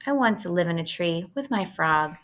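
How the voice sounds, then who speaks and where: A woman voicing a loud, mischievous young farm boy who yells his lines in a storybook read-aloud. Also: lowish voice, lively intonation, normal speed. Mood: rowdy. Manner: boisterous yelling.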